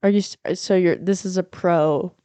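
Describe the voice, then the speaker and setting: Woman guest, blunt and animated, smooth clear voice, dry sound. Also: lowish voice, normal speed, dry recording. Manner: animated, blunt, swearing freely. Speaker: podcast guest. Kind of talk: casual chat. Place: house.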